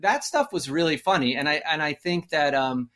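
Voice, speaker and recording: A man's voice: fairly high pitch, normal speed, fairly bright tone. A man as a podcast guest, chatting casually and hesitantly with many ums. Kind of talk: casual chat.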